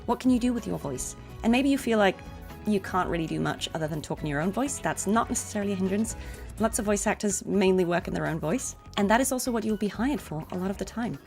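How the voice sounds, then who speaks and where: A woman's voice: mid-range voice, expressive, fast talker, creaky, darkish tone, soft background music. A woman with a neutral RP English accent chatting as a voice actor while streaming a game, laughing often. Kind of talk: casual stream commentary.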